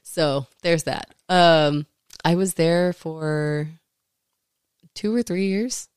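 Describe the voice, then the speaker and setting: A woman's voice: sits low, very slow, a little mellow, clean tone, no echo, clean studio sound. A woman in her thirties from Texas, a podcast guest in laid-back casual chat at her home, trailing off with fillers. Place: living room of her home.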